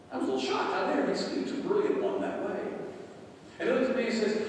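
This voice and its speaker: A man's voice: very high voice, steady tone, fast, slight background noise. A male pastor tells a story in a sermon, mocking himself with dry humor. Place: large church sanctuary. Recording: echoey church hall from far off.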